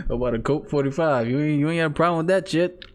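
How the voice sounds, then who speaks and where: A man's voice: a little high, big pitch swings, fairly quick. A young man co-hosting a podcast in casual banter, laughing often, swearing freely and drifting into rambling asides. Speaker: podcast co-host.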